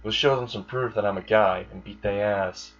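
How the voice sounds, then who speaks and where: A man's voice: on the low side, moderate pace, a bit bright, highs cut off, faint music behind. A man voicing a girlish-looking young man who speaks bluntly and sounds exasperated.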